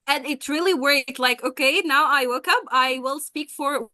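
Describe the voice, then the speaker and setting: A woman's voice: high voice, normal speed, pushed and bright, no echo, clean studio sound. A woman with an American-style English accent, teaching a casual speaking session on a video call in a bubbly, enthusiastic way. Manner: bubbly, enthusiastic, gushing praise.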